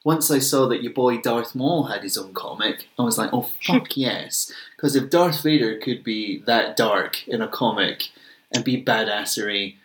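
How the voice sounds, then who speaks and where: A man's voice: mid-range voice, normal speed, a bit bright, roomy sound. A man co-hosting a casual podcast, reviewing comics, opinionated and swearing freely. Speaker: podcast co-host.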